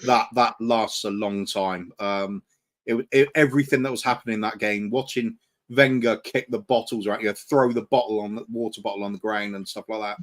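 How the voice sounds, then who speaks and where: This co-host of a live fan stream has a fairly low, steady voice and talks a little fast. His casual live-stream chat is reflective and rambling, full of fillers and restarts.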